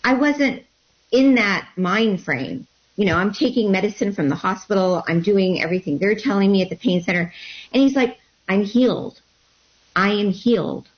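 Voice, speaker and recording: Halting woman telling her own story. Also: mid-range voice, expressive, dull audio. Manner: halting, with many fillers and restarts. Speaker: guest telling her story of becoming a healer. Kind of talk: candid personal storytelling.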